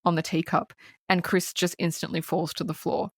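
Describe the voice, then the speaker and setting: A woman co-hosting a podcast, excitedly retelling film scenes with plenty of swearing. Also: fairly low pitch, moderate pace, slightly rough, no echo, clean studio sound. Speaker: podcast co-host. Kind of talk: casual film review chat.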